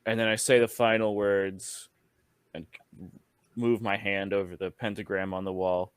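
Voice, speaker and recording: A man playing a tabletop game, calmly describing his character's actions. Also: on the low side, clean tone, no echo. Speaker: player.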